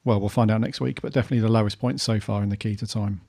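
Man podcast co-host, brisk and jokey, dry close sound. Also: fairly low pitch, fairly even intonation, gravelly, dark tone, dry recording. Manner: brisk, matter-of-fact, jokey. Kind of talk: casual chat.

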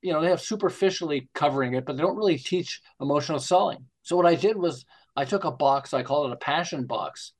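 A man in his sixties from Montreal, an author answering interview questions with lively stories and acted-out voices. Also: fairly high pitch, quick pace. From Canada, Montreal. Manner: animated storyteller acting out quoted voices. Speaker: guest author.

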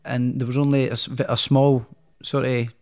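A young man chats through his boxing career, his stories rambling with a lot of restarts. His voice sits at a middle pitch for a man, loose and unscripted. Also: moderate pace, smooth. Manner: rambling, animated storyteller with many restarts. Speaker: professional boxer, guest. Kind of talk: casual storytelling interview.

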